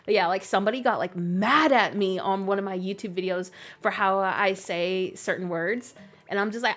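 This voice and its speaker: A woman's voice: medium pitch, moderate pace, a bit bright. A chatty woman in her thirties with a mixed Canadian and Southern Louisiana accent, laughing often as she answers viewer comments while playing a game. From Canada, near Vancouver. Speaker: gaming content creator.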